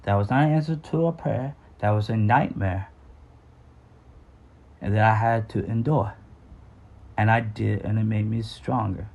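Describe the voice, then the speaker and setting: Husky man telling a personal story. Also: lowish voice, steady tone, a little slow, long pauses, a little mellow, dull audio. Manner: candid, swears, many restarts and fillers.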